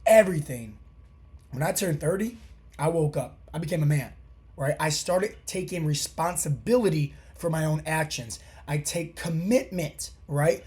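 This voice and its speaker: A man in his thirties talks through a sore throat, his voice scratchy and hoarse and set a bit high. He gives an emphatic, preachy motivational monologue as a podcast host and keeps circling back to the same phrases. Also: darkish tone. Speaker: podcast host and fat loss coach.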